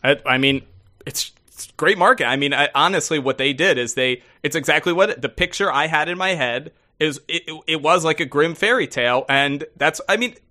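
A man co-hosting a podcast in casual chat, rambling with many halting restarts. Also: a little high, sharp tone. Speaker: podcast co-host.

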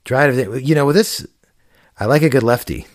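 A man's voice: medium pitch, a little fast, dry recording. Male podcast co-host, laid-back and hesitant, dry close sound. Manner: easygoing, hesitant, filler-heavy. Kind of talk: casual chat. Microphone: remote call.

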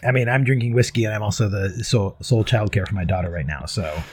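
A man's voice: on the low side, fast, dry recording, studio quality. A man hosting a casual podcast, chatty and self-deprecating, often breaking into laughter. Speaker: podcast host.

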